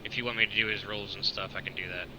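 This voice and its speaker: A man narrating a tabletop game as game master in a relaxed, casual way, swearing and laughing often. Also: lowish voice, rapid-fire, noisy background.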